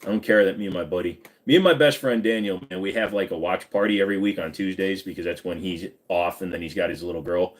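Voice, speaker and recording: A man's voice: low-pitched, fast talker, hardly any pauses. Laid-back rambling man streaming. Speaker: livestream host. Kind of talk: casual livestream chat answering viewers.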